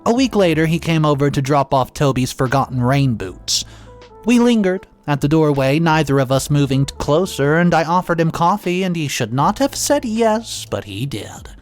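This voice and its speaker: Man, story narrator, fairly high-pitched, reads with feeling over faint background music. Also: normal speed. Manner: expressive, dramatic reading with occasional restarts. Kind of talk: first-person story narration.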